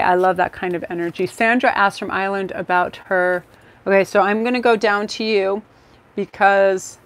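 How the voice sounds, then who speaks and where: A woman's voice: medium pitch, dry recording. A woman hosting a live-stream tarot reading, talking in an effusive, rambling, chatty way with many fillers.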